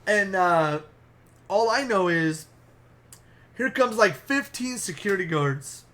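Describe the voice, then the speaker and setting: A young man excitedly telling a wild story in a casual, profane, animated way. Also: sits high, takes it slowly, a little hiss or hum. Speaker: storytime vlogger.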